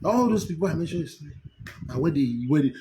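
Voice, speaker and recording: A man with a Nigerian accent hosting political commentary, mocking and laughing, sometimes breaking into shouts. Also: on the high side, animated, fast, slight background noise, poor audio. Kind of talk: animated live commentary.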